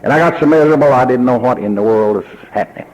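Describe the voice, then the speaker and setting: A man's voice: medium pitch, very fast, darkish tone, low-quality recording. An older man with a Texan accent giving a personal testimony at a recovery convention, telling his story in a folksy way and acting out remembered dialogue. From Texas.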